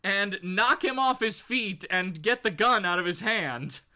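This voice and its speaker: A woman's voice: medium pitch, a little slow. A woman co-hosting a casual comedy podcast, retelling a comic book with lots of laughter and playful voices. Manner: animated storytelling with voices and laughter.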